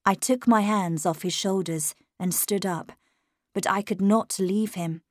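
A woman narrating a first-person story in a measured, unhurried storytelling manner. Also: medium pitch, fairly even intonation, dry recording, studio quality. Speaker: audiobook narrator.

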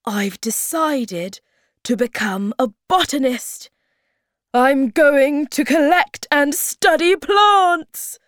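A fussy, gloomy male storybook creature, voiced by a woman reading aloud. He talks slowly and mournfully, close to the mic in a dry space. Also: medium pitch, a little mellow, dry recording, voice pushed up, lightly acted. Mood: excited.

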